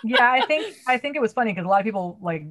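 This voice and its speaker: Here the Massachusetts theater rigger, a woman in her forties with a Massachusetts accent, sounds a little high, expressive, and fast. She chats casually on a podcast, loudly and bluntly, swearing a lot.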